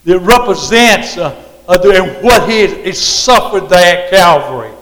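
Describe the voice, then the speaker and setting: A man's voice: high voice, lively intonation, normal speed, a bit bright. A man preaching a rambling sermon, his voice swelling and dropping as he repeats himself. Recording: reverberant hall.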